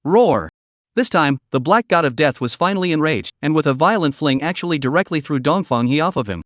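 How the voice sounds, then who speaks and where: A man narrating a fantasy comic story recap in a steady, even reading. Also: on the high side, fairly quick, no echo, studio quality.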